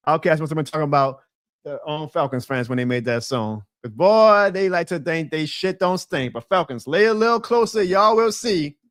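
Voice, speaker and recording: A man hosting a live stream, joking and trash-talking in a lively way. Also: fairly high pitch, normal speed, no echo, clean studio sound. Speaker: show host. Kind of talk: casual live-stream commentary.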